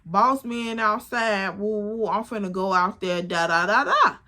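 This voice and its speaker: A woman quoting a hyped young man at a party, hurried and excited. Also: mid-range voice.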